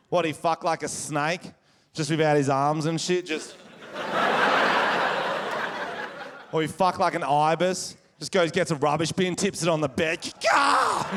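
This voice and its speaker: A man with an Australian accent doing crude, brash stand-up comedy and crowd work on a stage before a live audience. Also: a little high. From Wollongong, Australia. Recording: live show with audience noise.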